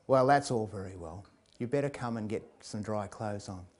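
A man's voice: fairly low pitch, moderate pace, darkish tone, natural voice. A man voicing a cheery young village woman in a told tale, asking playful lilting questions. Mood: teasing.

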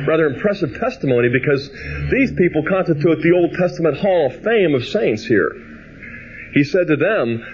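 A man with a slightly high, husky voice delivers a biblical theology lecture, his pitch rising and falling with animation. He reads scripture slowly and with weight, then shifts into quicker personal storytelling. The recording sounds dull and lo-fi. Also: animated.

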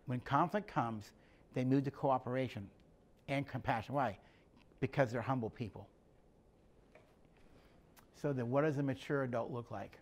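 A middle-aged man giving a conversational teaching talk, telling stories and acting out the dialogue in plain, direct speech. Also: mid-range voice. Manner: plainspoken storyteller, acts out dialogue. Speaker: speaker on emotional health and leadership.

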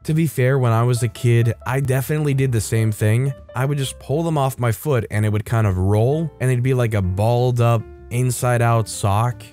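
A man's voice: mid-range voice, moderate pace, few pauses, darkish tone, faint music behind. Easygoing male story narrator. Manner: casual wry asides between readings. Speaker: narrator of online stories. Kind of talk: reading stories aloud with comments.

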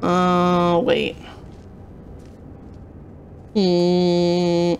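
A woman streamer chats casually while she plays, teasing her viewers in a playful way. She drifts into quiet mutters and hums under her breath. Her voice sits at a middle pitch for a woman. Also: animated, measured pace, slight background noise. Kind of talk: casual gameplay commentary.

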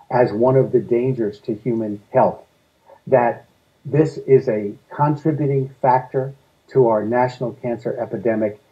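The recording cuts off the highs of this man's mid-range voice. He is a guest and energy policy advocate giving earnest interview answers, laying out points in order, steady and methodical.

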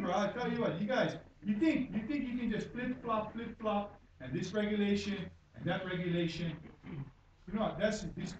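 Angry high-voiced man with Hawaii Pidgin accent. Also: normal speed. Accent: Hawaii Pidgin-tinged English. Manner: angry, blunt, repetitive, swears. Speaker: member of the public giving testimony. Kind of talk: heated public hearing testimony. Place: conference room. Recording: echoey room from far off, faint noise.

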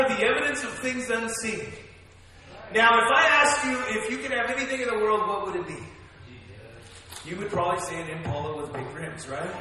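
A male preacher delivering an energetic sermon in a church, often asking for amens. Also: sits high. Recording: echoey church hall, distant mic.

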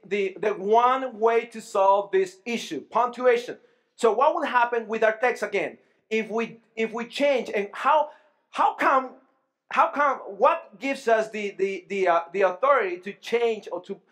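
A man's voice: high voice, unhurried, fairly bright tone. A man preaching a sermon to his congregation, often asking them questions, repeating and restarting words as he goes. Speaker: pastor. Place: church sanctuary.

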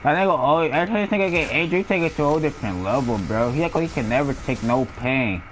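In a fairly high, racing voice over background noise, a young man tells personal stories. He's casual and slangy, laughing a lot and acting out the sounds of what happened.

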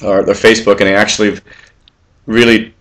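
A man in his forties talking casually into the camera for his own video, rambling with lots of fillers and restarts, swearing freely and getting louder and higher when he gives advice. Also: flat delivery, brisk. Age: 40s. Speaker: vlog host. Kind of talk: casual monologue.

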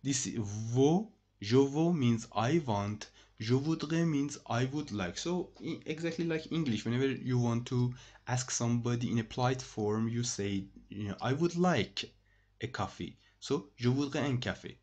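A man teaching a French lesson online, patiently repeating each example and pausing to find his words. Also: medium pitch, warm tone. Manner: thinks aloud with pauses and restarts.

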